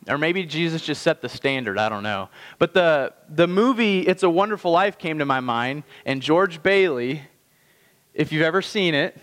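A man preaching a sermon, chatty and casual, then slowing down to stress key phrases. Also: high-pitched, fairly bright tone, clean tone. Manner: conversational preaching with slow emphatic phrases. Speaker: pastor. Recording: long hall reverb.

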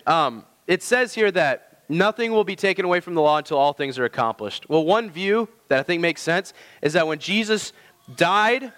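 A man preaching a sermon, conversational and animated, telling stories with rising emphasis. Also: on the high side. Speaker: pastor. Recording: long reverb of a hall.

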